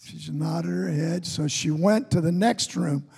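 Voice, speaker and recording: A high-pitched man preaching from the pulpit, his words unhurried and drawn out. His voice is husky and gravelly, carrying a long echo through the church hall. He moves between folksy storytelling and fervent exhortation. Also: darkish tone. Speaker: pastor. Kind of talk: sermon with storytelling. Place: church sanctuary.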